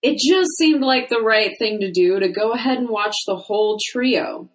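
A woman co-hosting a podcast, dry and teasing, quick to laugh. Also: a little high, poor audio. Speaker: podcast co-host. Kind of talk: casual comedic chat.

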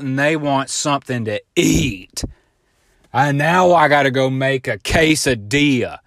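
A man's voice: a little high, a little slow, fairly bright tone, no room sound, studio quality. A man in his thirties hosting a casual solo podcast, telling stories in a rambling way, swearing freely and acting out other people's lines in quotes. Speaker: podcast host. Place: home, now living in Southern California.

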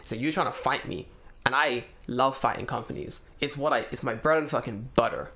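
Animated, profane man telling a story. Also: mid-range voice, a little fast. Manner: animated, profane, acts out voices in retelling. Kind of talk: casual storytelling chat. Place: lives in Japan.

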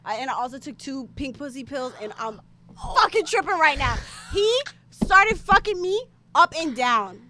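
A young American woman telling a story in casual, animated chat, with lots of filler words and sudden loud outbursts. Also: high voice, normal speed, slight background noise. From United States. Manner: animated, chatty, filler-heavy, bursts into shouting.

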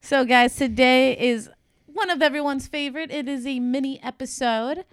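A woman's voice: high-pitched, normal speed, clean tone, no room sound, studio quality. A woman co-hosting a podcast in casual chat, chatty and giggling often. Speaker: podcast co-host.

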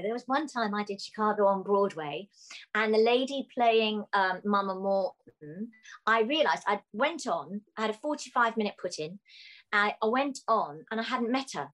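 A middle-aged British woman, a musical theatre actress, telling animated stories and laughing often as a guest. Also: on the high side, rough recording. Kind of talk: casual anecdotal chat.

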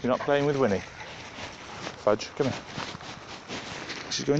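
A man vlogging casually while walking dogs on a muddy country path, chatting to the camera between loud calls to his dogs. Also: mid-range voice, a little slow, creaky. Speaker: dog walker. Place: outdoors on a muddy rural path. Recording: muffled outdoor recording with background noise.

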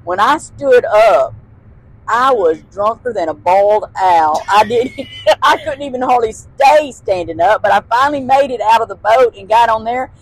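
A woman's voice: a little high, animated, normal speed, no echo, rough recording. A woman, a guest telling childhood stories in casual chat, laughing often and using folksy phrasing. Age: 60s.

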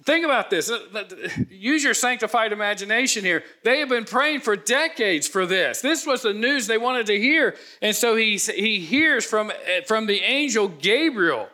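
A pastor preaches a sermon in a high, bright voice. He acts out the story dramatically, using emphatic pauses, and his tone remains vivid and full of energy.

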